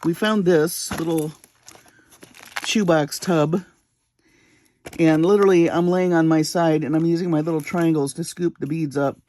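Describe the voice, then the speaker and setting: A woman running a jewelry-making channel vlogs from her home bead room at three in the morning, sharing a chatty, self-deprecating story punctuated by frequent laughter. Her voice sits low and dark, with fairly even intonation, a measured pace and frequent pauses.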